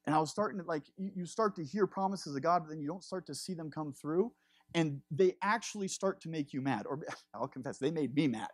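A man's voice: on the high side, lively intonation, a little fast, no echo, clean studio sound. A man in his thirties preaching a sermon, impassioned and confessional, with laughing asides. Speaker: pastor.

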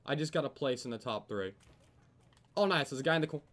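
A young man giving live commentary over a video game, swearing often and yelling when things go wrong. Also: mid-range voice, racing. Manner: swears a lot, yells when frustrated. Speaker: gaming commentator.

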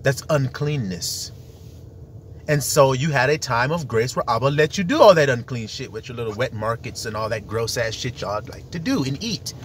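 A man's voice: medium pitch, lively intonation, normal speed, slight background noise. A man preaching in an emphatic, rambling monologue, full of rhetorical questions.

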